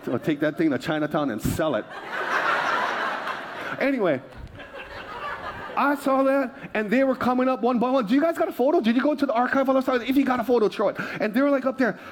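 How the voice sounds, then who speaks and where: High-voiced man preaching a sermon. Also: fairly quick, long pauses. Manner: conversational, animated storytelling with asides and laughs. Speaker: pastor. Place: church sanctuary.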